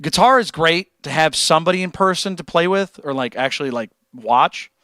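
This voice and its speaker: A man hosting a livestream who chats casually with his viewers and reads out their comments. He talks in an animated, joking way and swears freely. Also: on the high side, normal speed, no echo, studio quality. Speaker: livestream host and guitarist.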